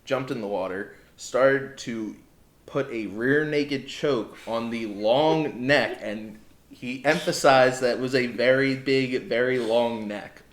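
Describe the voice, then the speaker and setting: A man's voice: medium pitch, slow pace, echoey room. A man co-hosting a podcast, recapping a wrestling show in blunt, sarcastic casual chat. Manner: sarcastic, blunt storyteller, swears. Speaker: podcast co-host.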